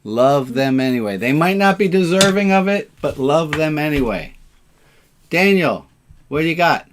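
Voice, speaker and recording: A man's voice: fairly high pitch, animated, moderate pace, background noise. A man leading an online service as rabbi, casual and playful, fond of puns, on a video call.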